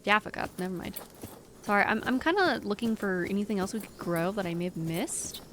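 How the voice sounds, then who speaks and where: A woman's voice: mid-range voice, animated, brisk. Young woman, live game streamer, rambling and giggly, mid-range voice, light background noise. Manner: rambling, giggly, talks to chat. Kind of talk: casual live-stream chatter while gaming.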